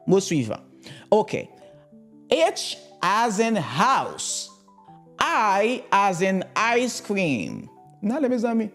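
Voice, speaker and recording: A woman with a Haitian accent teaching the alphabet, repeating each word and switching between English, French and Creole. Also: mid-range voice. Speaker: language teacher. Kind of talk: alphabet lesson for learners.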